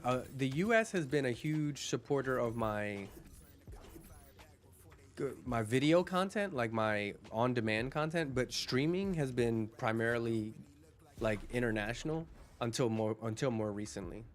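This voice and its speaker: A man's voice: medium pitch, expressive, a little slow. A man livestreaming, chatting casually with his viewers, reading chat aloud and often restarting his sentences.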